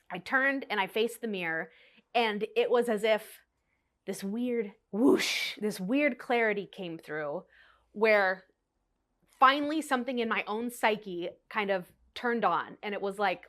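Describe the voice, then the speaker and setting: A woman's voice: mid-range voice, animated, unhurried, fairly bright tone. Emotional young woman vlogger. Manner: candid, emotional, quotes her own thoughts aloud. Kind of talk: personal confessional chat to camera.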